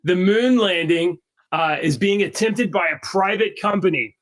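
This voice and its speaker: A man co-hosts a podcast in easygoing chat and reads news items aloud, often clearing his throat. His voice sits fairly high. The sound is dry and a little distant from the mic. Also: a little slow, a bit bright, dry recording. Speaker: podcast co-host.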